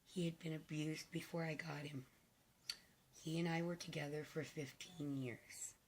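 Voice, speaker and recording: Hoarse, raspy older woman, low and slow. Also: steady tone. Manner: rambling and heartfelt, with hesitant fillers. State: hoarse, nearly lost voice. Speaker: vlogger. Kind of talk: casual to-camera chat.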